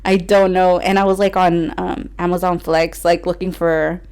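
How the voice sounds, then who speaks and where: A woman's voice: lowish voice, little pitch movement, normal speed, a little mellow, smooth. A young woman co-hosting a faith podcast, chatting casually with a rambling flow, frequent laughs and lots of "like" fillers. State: teary at moments. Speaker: podcast co-host. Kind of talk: casual chat.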